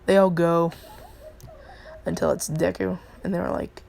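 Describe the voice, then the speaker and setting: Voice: medium pitch, level tone, measured pace, gravelly, a little mellow, a little hiss or hum. A storyteller rambling casually through a fan story, full of "like," laughing at their own jokes.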